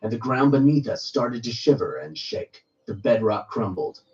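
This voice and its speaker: A man reading a first-person horror story aloud in steady storytelling narration. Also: mid-range voice, normal speed, far from the mic, dull audio.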